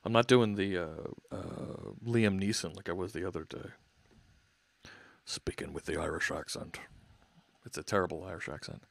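A man's voice: sits low, lively intonation, normal speed, creaky, no room sound. A man hosting a live coding stream, thinking aloud as he works and chatting with viewers. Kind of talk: casual live coding narration.

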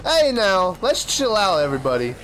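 A gaming channel host commentates his own gameplay in a high-pitched voice at normal speed, with background noise behind him. Excitable and profane, he trash-talks the game, yelps and shouts at sudden scares, and sometimes laughs mid-sentence.

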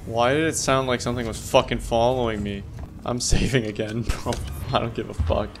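A man's voice: mid-range voice, little pitch movement, fairly quick, faint music behind. A man giving live commentary while playing a horror game, swearing, screaming when startled, and laughing nervously to himself. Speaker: gamer.

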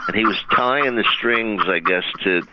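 A man's voice: fairly low pitch, normal speed, dull audio, very noisy. A man hosting a casual comedy chat, telling rambling anecdotes with lots of fillers. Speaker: host. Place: comedy club stage.

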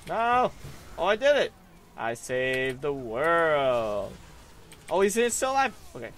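A young man giving goofy, self-mocking commentary while he plays a video game and answers viewer questions, often breaking into high yelps. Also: big pitch swings, measured pace, fairly bright tone, slight background noise. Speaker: gaming vlogger. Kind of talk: gameplay commentary with Q&A.

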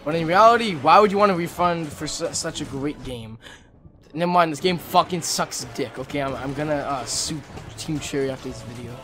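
A young man commentating while playing a video game, excitable and swearing, swinging between low mutters and loud outbursts. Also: a little fast, soft background music. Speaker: gaming video creator. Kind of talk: let's play commentary.

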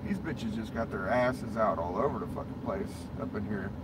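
A man's voice: fairly low pitch, normal speed. A man ranting and chatting casually on a stream, profane, rambling and blunt. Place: inside a car. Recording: clear road and engine noise.

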